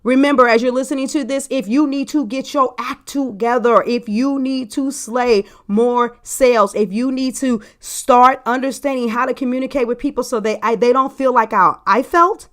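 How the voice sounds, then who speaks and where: Female podcast host, sales coach type, chatty and emphatic, slightly high voice. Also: steady tone, normal speed. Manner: emphatic, chatty, talks straight to listeners. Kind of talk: casual podcast monologue.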